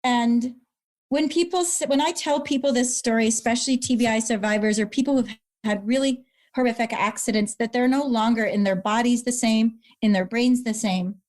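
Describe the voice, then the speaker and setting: A woman's voice: a little high, normal speed, a little mellow. A middle-aged woman, a podcast guest earnestly telling a personal story and repeating words when moved. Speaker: guest, brain injury survivor.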